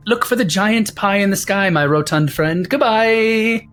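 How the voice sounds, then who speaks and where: Brief: man doing bright, friendly baker lady, higher voice, pushy charm. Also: unhurried. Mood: chirpy. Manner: chirpy, friendly, a bit pushy. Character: cheerful woman pie baker.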